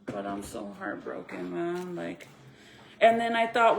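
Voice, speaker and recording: Young female vlogger, casual chatty venting at home, mid-pitch voice, faint noise behind. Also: expressive, normal speed, gravelly. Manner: sad, venting, sometimes tearful. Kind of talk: casual vlog to camera.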